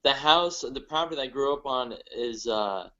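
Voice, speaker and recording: A man's voice: medium pitch, bright, forceful tone. Young Midwestern man, slightly dull audio. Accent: Midwestern American. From northern Ohio, USA. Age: young adult. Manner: halting, hesitant storytelling. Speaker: guest comedian. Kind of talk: casual interview chat.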